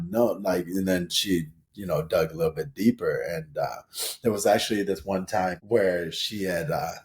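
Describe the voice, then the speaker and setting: Middle-aged man from St. Paul, low voice, loose and rambling storyteller, guest on a chat podcast. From St. Paul, Minnesota, USA. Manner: rambling, full of "you know" and restarts, laughs as he tells stories. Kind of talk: casual interview storytelling.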